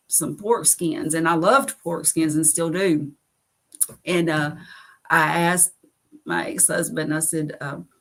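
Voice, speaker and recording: A middle-aged woman with a Southern accent hosting a live stream, telling stories in a rambling, self-amused way. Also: low-pitched. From United States. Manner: rambling, many fillers, laughs at herself. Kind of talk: casual chat on a live stream.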